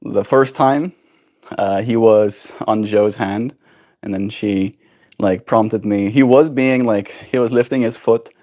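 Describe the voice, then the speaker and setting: A young man streaming casually from home, chatting and slipping into high sing-song baby talk with his pet bird. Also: takes it slowly, a little mellow. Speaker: daily livestreamer. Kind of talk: casual chat. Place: home, indoors.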